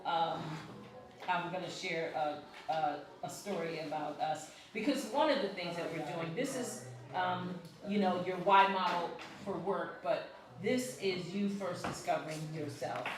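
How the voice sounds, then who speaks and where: A woman's voice: on the low side, a little slow, distant mic, crowd noise. Chatty woman speaking in an echoey room. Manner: chatty, laughs often, checks in with the audience. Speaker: workshop leader and ministry founder. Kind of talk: storytelling talk at a live workshop.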